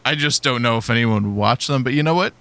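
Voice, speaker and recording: A man's voice: mid-range voice, fast, fairly bright tone, no echo. A man hosting a casual podcast chat, joking and teasing his co-hosts in a laid-back way. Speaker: host and producer.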